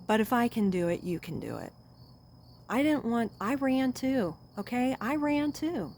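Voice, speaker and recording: A woman giving an earnest, animated pep talk to her viewers, calling them honey. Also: a little high, measured pace, slight background noise. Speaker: self-help vlogger. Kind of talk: encouraging talk to camera.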